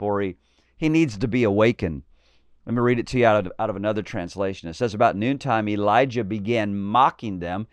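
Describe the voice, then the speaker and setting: A man's voice: fairly low pitch, lively intonation, a little fast, dry recording. A man preaching a fiery, emphatic sermon, with bold declarations and mocking asides.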